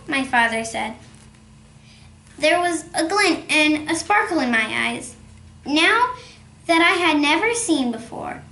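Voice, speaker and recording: Woman narrator, measured storyteller, high voice, echoey room. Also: animated, bright, forceful tone. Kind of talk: reading a children's novel aloud.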